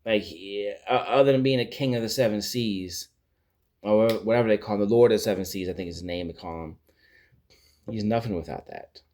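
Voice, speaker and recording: A male vlogger casually recapping a TV series, rambling and animated, often searching for words. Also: lowish voice, a little fast. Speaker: pop culture vlogger.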